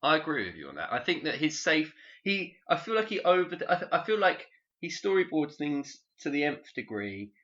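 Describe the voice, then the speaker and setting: A man co-hosting a podcast in casual chat, animated and swearing freely. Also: on the high side, fairly quick. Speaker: podcast co-host. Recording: dull lo-fi sound.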